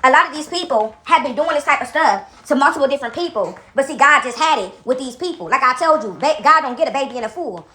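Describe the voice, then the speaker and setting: A woman telling a personal story to her viewers in a casual, animated way, often calling them y'all and swearing freely. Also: high voice, fast talker, hardly any pauses. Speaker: storyteller vlogger.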